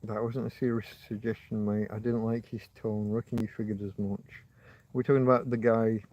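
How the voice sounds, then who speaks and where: A man's voice: fairly low pitch, flat delivery, normal speed, highs cut off. Rambling, wry man on a livestream. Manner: rambling, wry, self-mocking, hesitant restarts. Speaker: livestream host. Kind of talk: rambling live chat with viewers. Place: outdoors in a field. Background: passing motorbike.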